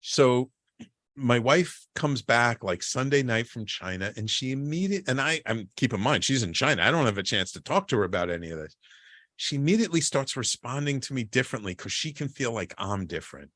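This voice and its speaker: A man as an interview guest telling a personal story in a lively way. He often restarts and repeats words, and he acts out the people he quotes. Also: mid-range voice, a little fast, dry recording, clean studio sound. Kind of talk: conversational storytelling.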